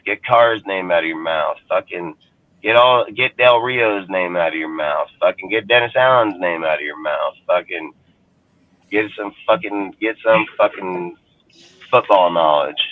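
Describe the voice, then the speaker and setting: A man with a somewhat low voice launches into an angry, profane rant as he hosts a sports fan show. His delivery is crude and scornful. The sound is thin and tinny, as if it came through a phone line. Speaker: sports podcast host.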